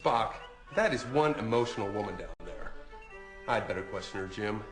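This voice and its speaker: A man's voice: on the low side, lively intonation, normal speed, soft background music, lightly acted. A man acting a folksy space doctor in an amateur fan film, delivering his lines in a stiff drawl. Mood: flirtatious.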